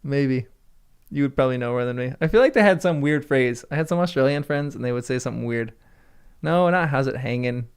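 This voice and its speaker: Man, livestream host, casual chat, gravelly voice, laughs a lot, medium pitch. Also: a little fast. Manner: chatty, answers live chat comments with frequent laughs.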